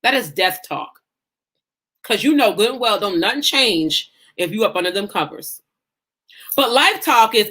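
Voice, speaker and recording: A woman's voice: medium pitch, lively intonation, a little slow, long pauses, fairly bright tone. A woman life coach giving a live-streamed coaching lesson, talking in an emphatic, folksy, preacher-like way. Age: adult mother.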